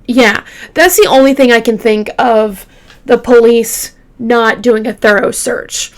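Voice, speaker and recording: Slow, chatty woman telling true crime. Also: fairly high pitch. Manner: chatty, emotional, addresses listeners directly. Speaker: true crime podcast host. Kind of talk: casual true crime storytelling.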